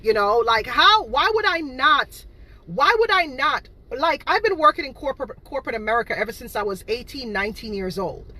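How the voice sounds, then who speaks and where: Bright, indignant woman. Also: high voice, big pitch swings, normal speed, rough recording. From Boston, Massachusetts. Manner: indignant, emphatic, repeats herself. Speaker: home cake seller. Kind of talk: direct-to-camera rant.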